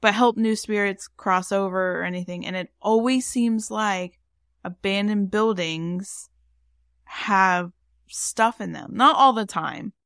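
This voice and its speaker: A woman's voice: medium pitch, clean tone, no echo, studio quality. A woman paranormal investigator and psychic chatting casually, full of fillers and restarts. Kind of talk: casual podcast chat.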